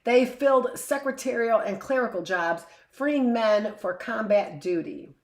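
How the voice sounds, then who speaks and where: A woman's voice: fairly high pitch, lively intonation, unhurried, echoey room. A woman teacher reading a history book aloud to a class, stopping for chatty asides and correcting her own slips.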